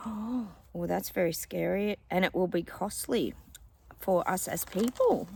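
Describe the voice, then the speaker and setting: A middle-aged woman talking casually to her viewers from home, full of exclamations and scoffing asides. Her voice has a gravelly fry to it. A faint hiss sits under the recording. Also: medium pitch, expressive, measured pace. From Australia. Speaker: psychic channel host. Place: home with dogs.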